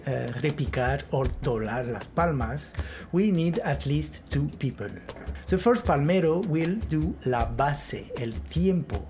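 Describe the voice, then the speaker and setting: A man's voice: a little high, darkish tone, a little hiss or hum. A man teaching flamenco rhythm and clapping, explaining step by step and counting beats aloud.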